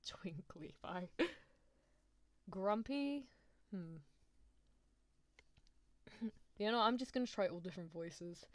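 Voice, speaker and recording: Young british girl streaming a story game, lots of giggles, hushed reading, dry close mic. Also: fairly low pitch, dry recording. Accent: British English. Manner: giggly, playful, reads narration in a hushed voice. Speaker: streamer playing a visual novel. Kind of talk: casual let's-play chat and reading aloud.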